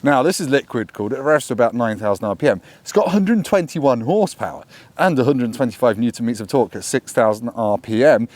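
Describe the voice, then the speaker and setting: A man's voice: medium pitch, animated, quick pace, a little mellow, no room sound. A man giving a casual, joking review to camera outdoors by a road, full of self-deprecating asides. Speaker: motorcycle reviewer.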